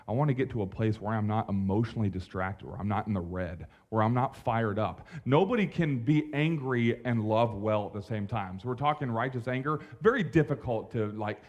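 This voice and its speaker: A young adult man preaching a sermon from a church stage, in a casual, animated way with slang and asides to the congregation. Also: lowish voice, brisk, hardly any pauses, dull audio. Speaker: pastor.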